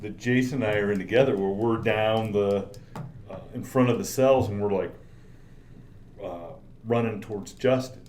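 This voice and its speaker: Animated man telling anecdotes. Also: lowish voice, moderate pace, a little hiss or hum. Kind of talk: casual podcast chat.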